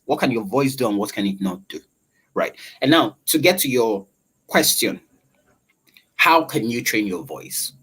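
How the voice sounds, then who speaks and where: Husky, animated man. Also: fairly high pitch. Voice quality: velvety. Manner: animated, demonstrates voices, asks the listener questions. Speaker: voice-over artist guest. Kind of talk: explanatory interview talk.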